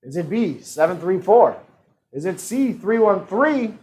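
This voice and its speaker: On a rough recording, a male trivia host with a high, sing-song, somewhat dark voice leads a live-streamed game. He jokes around casually, upbeat, with quick laughs and asides.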